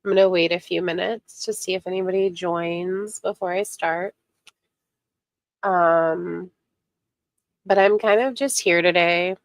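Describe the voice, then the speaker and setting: A woman's voice: fairly low pitch, steady tone, measured pace, pauses often, dry recording. A woman hosting a casual livestream chat, congested from a head cold, greeting viewers by name as she rambles along with fillers. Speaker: livestream host.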